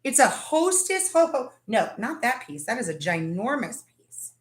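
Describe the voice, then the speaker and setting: A woman hosting a casual live chat from her kitchen, excitable and gushing about food. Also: a little high, measured pace, reverberant. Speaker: livestream host.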